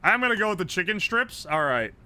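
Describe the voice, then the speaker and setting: A male streamer talks through a game live in a fairly high voice that jumps around a lot. His reactions are blunt, quick and sprinkled with swearing. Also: big pitch swings, bright, forceful tone. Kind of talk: live-stream gameplay commentary.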